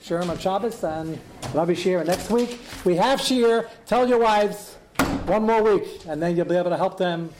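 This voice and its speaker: Man, fairly high voice, animated Torah class teacher telling stories, Hebrew terms, quick asides. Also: slight background noise.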